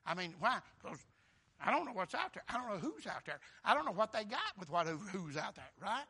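Folksy preacher man, bright and high. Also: sing-song, a little fast, breathy edge. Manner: folksy, exclamatory, calls for amens. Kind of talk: sermon.

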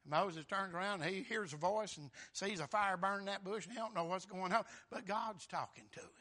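A man preaching a sermon, breaking into shouts, calling out amen and brother and quoting scripture in old wording. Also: sits high. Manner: fervent preaching, bursts into shouts on key lines.

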